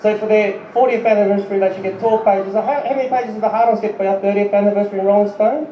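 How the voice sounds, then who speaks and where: A man's voice: high voice, fairly even intonation, very fast, slight background noise. A man from Australia, doing a rambling, profane stand-up set with lots of ums and asides to the crowd. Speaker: stand-up comedian and band musician. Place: small live music venue. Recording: far-off lo-fi recording in an echoey venue.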